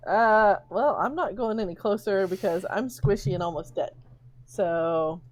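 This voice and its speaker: A woman's voice: mid-range voice, measured pace. Chatty woman tabletop player. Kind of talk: casual game chat.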